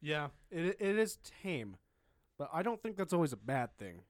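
A man's voice: a little high, very animated, moderate pace, no echo. Give me an easygoing young man co-hosting a beer podcast at home, dry close sound. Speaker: podcast co-host. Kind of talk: casual drinking podcast chat. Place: home spare-bedroom studio.

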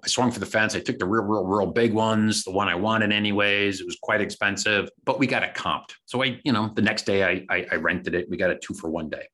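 A man hosting a podcast, telling stories and giving energetic networking tips in a coaching tone. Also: mid-range voice. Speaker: podcast host. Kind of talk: motivational talk on networking.

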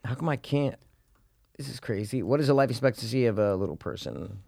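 A man's voice: mid-range voice, a little fast, creaky, no echo, studio quality. A man co-hosting a casual chat, profane and slangy, calling his friend "dude" all the time. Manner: profane, slangy and animated, says "dude" constantly.

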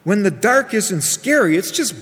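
A man doing a shrill, frightened little boy. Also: animated, moderate pace, a bit bright, long reverb tail. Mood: unimpressed. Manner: high-pitched and shrill when alarmed.

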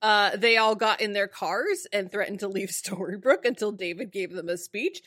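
A woman co-hosting a podcast in casual chat, wry and quick to laugh. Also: medium pitch, a bit bright, dry recording, clean studio sound. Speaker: podcast co-host.

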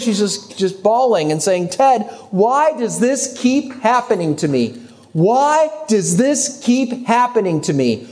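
A middle-aged man telling a story and speaking to a young audience in a faith talk, lively in how he voices the people in it. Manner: animated storytelling, raising pitch when quoting others.

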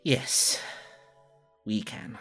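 A woman voicing a male character in a tabletop game, with a deep, quiet voice and terse lines. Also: extremely slow, faint music behind. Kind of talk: tabletop role-play voicing.

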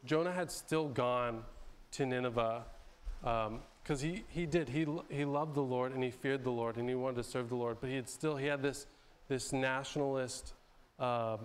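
Smooth-voiced man preaching conversationally. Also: medium pitch, moderate pace. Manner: loose and conversational, with frequent restarts and repeated words; clears his throat often between phrases. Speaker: pastor. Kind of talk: sermon retelling a Bible story.

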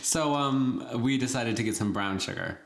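A woman's voice: very deep voice, normal speed, creaky, echoey room. A woman co-hosting a casual chat show, playful and giggly. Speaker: podcast co-host.

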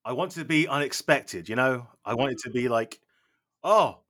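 A man in a mid-pitched voice, playing a film director as a guest on a comedy podcast. He rambles in a deadpan way and trips over his words. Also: fairly quick. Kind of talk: comic chat in character.

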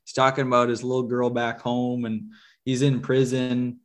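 A man's voice: mid-range voice, level tone, normal speed. A man co-hosting a podcast, chatting casually about movies in a rambling way with lots of fillers and restarts. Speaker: podcast co-host. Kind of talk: casual movie review chat.

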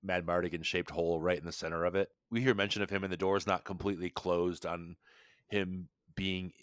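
A man talking in a relaxed, conversational way as a podcast co-host. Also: deep voice, fairly quick, dry recording, clean studio sound. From United States. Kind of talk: casual chat.

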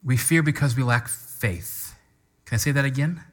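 A man's voice: medium pitch, moderate pace. A middle-aged man preaching a sermon as pastor, reading scripture with fervent emphasis and calling the congregation to repeat the words with him. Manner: passionate, rising to loud emphatic scripture reading; leads congregation in call-and-response.

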